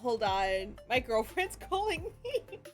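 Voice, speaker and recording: A woman chats live with her stream in a high voice, taking her time. She gets excitable, laughs often and drops casual swears. Faint music plays underneath. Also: slow.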